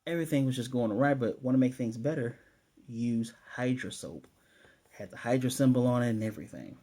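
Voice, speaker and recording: A man reviewing a TV episode in a casual spoiler recap, rambling with lots of fillers and self-corrections and getting animated over his theories. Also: medium pitch, racing.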